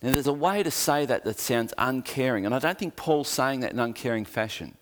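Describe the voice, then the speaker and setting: A man's voice: medium pitch, animated, a little fast. A man with an Australian accent, preaching a sermon as a pastor in an earnest, conversational way with joking asides.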